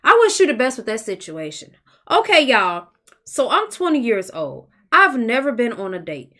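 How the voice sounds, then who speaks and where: A woman co-hosting a casual podcast, reading listener questions aloud and reacting with animated exclamations. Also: a little high, normal speed. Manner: animated, exclaiming, laughs often. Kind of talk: casual chat.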